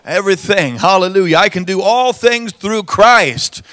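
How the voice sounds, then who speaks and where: A hoarse man preaching a sermon in church, drawing out his words, breaking into song and calling out to the congregation. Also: high voice, lively intonation, no room sound. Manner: slow, drawn-out delivery with rising shouts and sung phrases. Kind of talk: sermon with prayer and singing. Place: church service.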